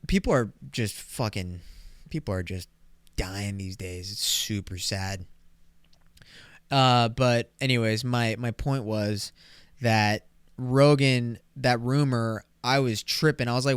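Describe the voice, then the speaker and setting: A young man from California hosting a solo podcast, telling stories in a slangy, profane, animated way. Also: medium pitch, moderate pace, smooth, dry recording, studio quality. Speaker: podcast host. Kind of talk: casual solo podcast monologue.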